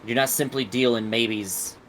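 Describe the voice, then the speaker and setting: A man voicing a weary, aloof male jinni bound by contracts, speaking in slow, grave, clipped pronouncements during a tabletop game. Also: mid-range voice, steady tone, a bit bright, a little hiss or hum, natural voice, poor audio. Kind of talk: tabletop role-play voicing.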